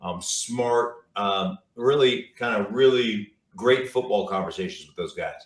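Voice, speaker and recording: Speaking in a lowish voice without hurrying, a middle-aged man who analyzes football tells rambling stories as a guest in a casual interview, full of repeated words and fillers. The mic is distant and the room echoes.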